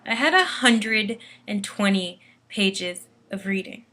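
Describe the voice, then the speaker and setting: Teen woman vlogger, crisp bright tone, rambly and anxious chatter into a webcam mic. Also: medium pitch, lively intonation, slow pace, few pauses. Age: late teens. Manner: rambly, frazzled, full of "like" and "um". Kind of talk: casual video diary. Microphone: built-in computer webcam mic.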